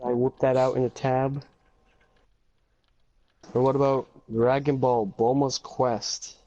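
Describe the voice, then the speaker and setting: A man's voice: medium pitch, level tone, takes it slowly, dark tone, no echo. A young man livestreaming a game with friends, talking casually in a crude, joking way. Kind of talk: casual gaming livestream chat. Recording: dull lo-fi audio.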